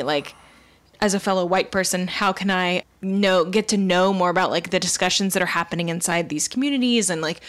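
Woman podcast co-host, casual and chatty, quick asides, laughs easily. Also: fairly low pitch, fairly bright tone. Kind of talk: casual chat about a TV episode.

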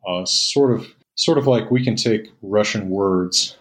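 A man's voice: on the low side, unhurried, a bit bright. A middle-aged man, a scholar and interview guest, explaining at length in a patient lecturing way with frequent ums. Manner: lecturing, patient, with many fillers. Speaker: Old Norse scholar, guest.

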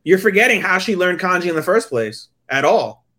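A man co-hosting an anime podcast, chatting casually, swearing often and acting out scenes in high put-on voices. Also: very animated, a little fast, sharp tone. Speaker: podcast co-host.

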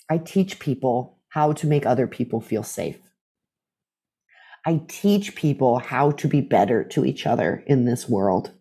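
A guest in a casual interview, telling stories animatedly and acting out the voices of others. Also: mid-range voice. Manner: animated storyteller who acts out quoted voices.

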